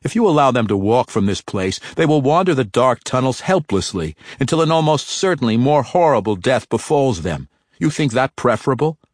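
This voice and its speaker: A man voicing a ruthless, scornful male dark elf assassin in a sharp, mocking tone. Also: medium pitch, big pitch swings, brisk, dry recording, clean studio sound, voice pushed up.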